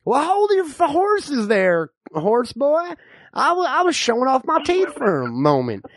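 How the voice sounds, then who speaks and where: A man voicing a nosy, rambling, bigoted old frontier man who talks in slow, folksy slang. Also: very high voice, wildly swooping pitch, no echo, clean studio sound, full character voice.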